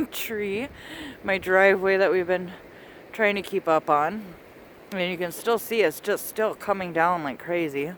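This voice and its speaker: A woman's voice: medium pitch, a little hiss or hum. A woman narrating a home video diary on her phone outdoors in a snowstorm, chatty and a little out of breath, laughing now and then. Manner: chatty, laughs often, talks to pets. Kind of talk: casual handheld narration. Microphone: phone held in hand.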